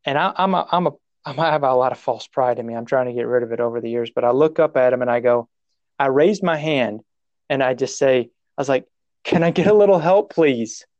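A man with a medium-pitched voice talks fast, telling a personal story in casual conversation. He rambles, pokes fun at himself, restarts his sentences, and laughs at his own expense. The recording is dry and the audio dull.

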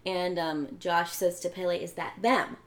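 A woman's voice: fairly low pitch, steady tone, measured pace, fairly bright tone. A woman in casual podcast chat, bluntly narrating a film's plot with a laid-back, giggly manner. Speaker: podcast co-host. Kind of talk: casual chat recapping a film.

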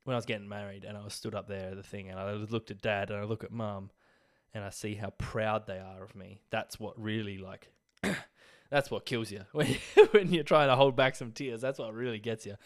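Young Aussie host, low-pitched, loose and rambling with lots of fillers, a bit croaky from illness. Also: male voice, steady tone, moderate pace. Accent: Australian. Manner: rambling, sweary, filler-heavy. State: getting over illness, coughing. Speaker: podcast host. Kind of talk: casual solo podcast talk.

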